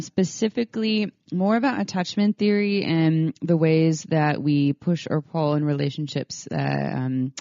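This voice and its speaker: Podcast co-host, woman, low mellow voice, halting with fillers, dry lo-fi recording. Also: no room sound. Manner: halting, many fillers and restarts. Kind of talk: casual podcast chat. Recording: dry, dull lo-fi sound.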